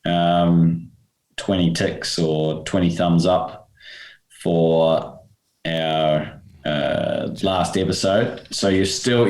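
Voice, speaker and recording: A deep-voiced man co-hosting a podcast, heard in a roomy, echoey space. He is jokey and rambling, and trips over the odd word. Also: fairly even intonation, takes it slowly, a little mellow. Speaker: podcast co-host. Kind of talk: casual podcast chat. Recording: roomy echo.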